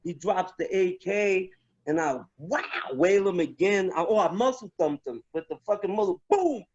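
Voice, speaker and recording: An army veteran appearing as a guest tells stories from his army days in a loose, casual chat. His voice is fairly high, his pace moderate, and he's animated and profane, restarting his sentences many times. The recording sounds dull and lo-fi.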